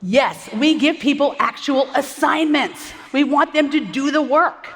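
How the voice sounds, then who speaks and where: A woman giving a fast, upbeat stage presentation, a little out of breath, rallying the audience with questions. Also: sits high, fairly bright tone. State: slightly out of breath. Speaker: conference speaker. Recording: long hall reverb.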